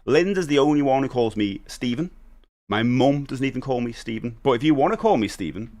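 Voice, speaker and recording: A man's voice: medium pitch, animated, a little fast, darkish tone. Chatty man live-streaming. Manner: chatty, rambling, reads chat aloud. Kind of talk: casual live-stream chat.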